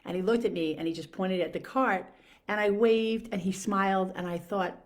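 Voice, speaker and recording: A woman telling exasperated, animated stories in a casual monologue rant, swearing freely. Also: mid-range voice, moderate pace. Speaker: podcast host.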